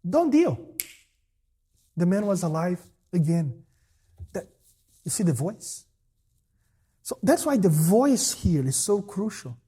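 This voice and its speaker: A man preaching a sermon in a husky voice that sits high and swings widely in pitch. He speaks slowly and acts out the voices of the people he quotes. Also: lively intonation, dark tone. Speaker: pastor.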